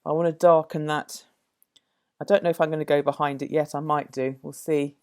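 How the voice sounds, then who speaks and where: A woman's voice: deep voice, steady tone, brisk, darkish tone, smooth. Thoughtful woman painting. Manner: thoughtful, musing, full of fillers and self-corrections. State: slightly out of breath at times. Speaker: art teacher. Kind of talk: casual painting demonstration.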